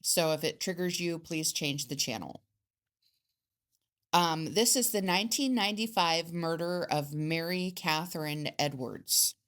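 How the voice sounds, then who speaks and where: A middle-aged woman co-hosting a casual true-crime podcast, speaking in a calm, measured way with dry humor. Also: deep voice. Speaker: podcast co-host, mother of the other host.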